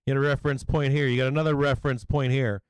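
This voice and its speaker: A man hosting a live stock-market stream, swearing freely and explaining chart levels, with bursts of excited yelling. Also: mid-range voice, rapid-fire, clean tone, no room sound, poor audio. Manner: profane, excitable, yelling at times. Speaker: stock market livestream host. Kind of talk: live trading commentary.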